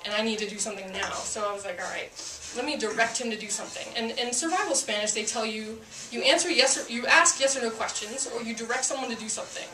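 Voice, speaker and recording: A woman's voice: fairly high pitch, fast, echoey room, distant mic. A woman who is a police officer telling a story to a live audience, chatty and self-mocking with lots of fillers.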